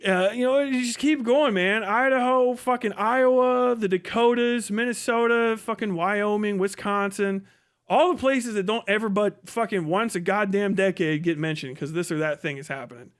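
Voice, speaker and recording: Male streamer, high voice, swearing, ranting hard. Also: moderate pace, smooth. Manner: profane, heated, ranting. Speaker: livestream host. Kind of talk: livestream rant.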